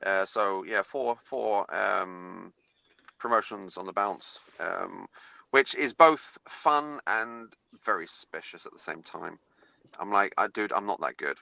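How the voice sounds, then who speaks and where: A man's voice: sits low, slow pace, vocal fry, sharp tone, no echo, dull audio. A man with a posh English accent, chatting as a podcast guest, hesitant with lots of ums and uhs. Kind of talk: casual chat.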